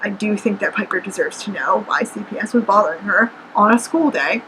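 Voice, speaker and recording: A woman of middle pitch reviews a book in a casual, chatty way, full of sarcastic asides. She records at home in her apartment. A steady air conditioner hum sits clearly under her voice. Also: a little fast, poor audio. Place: apartment room.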